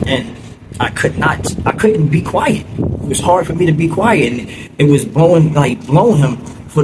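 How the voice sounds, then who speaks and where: A man from New Jersey, his voice on the high side, relates a memory from his childhood in a loose, stop-and-start way full of fillers like "you know what I'm saying." Loud vehicle noise can be heard in the background.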